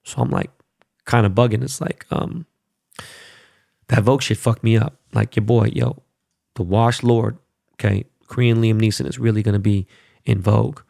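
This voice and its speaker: A gravelly middle-aged man talks into a close podcast mic in a very dry room. He rambles casually and swears a lot, and his voice climbs high and loud when he gets worked up. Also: steady tone, normal speed, long pauses, dry recording. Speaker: podcast host. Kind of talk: casual chat.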